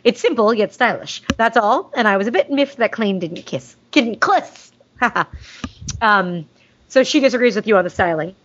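A woman's voice: medium pitch, animated, moderate pace, slight background noise. A woman hosting a podcast, chatting casually and gushingly, with jokey asides. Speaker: podcast host reading listener mail. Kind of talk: casual fan chat. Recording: dull lo-fi sound.

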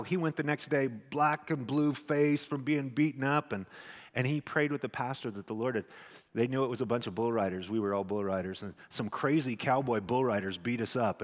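A man, a pastor, giving a sermon testimony as an animated storyteller who swings from hushed tones to near shouting. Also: mid-range voice. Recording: long hall reverb.

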